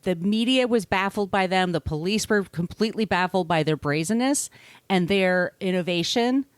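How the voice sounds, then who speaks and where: A woman's voice: mid-range voice, normal speed, clean tone, dry recording. Chatty woman telling a true-crime story. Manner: chatty, swears freely, laughs often. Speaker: podcast host.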